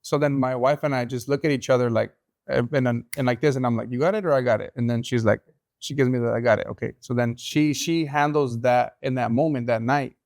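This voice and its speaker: Man hosting a podcast, bilingual storyteller, dry close sound, mid pitch. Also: steady tone, a little fast, gravelly, darkish tone, no echo. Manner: storytelling, switching between English and Spanish. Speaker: podcast host. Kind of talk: casual interview chat.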